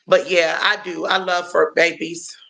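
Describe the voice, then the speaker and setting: With a high, bright, creaky voice and little pitch movement, a man takes viewers' comments as they arrive on his live stream. He talks unhurriedly, rambling, addressing everyone as y'all and halting often with um and uh.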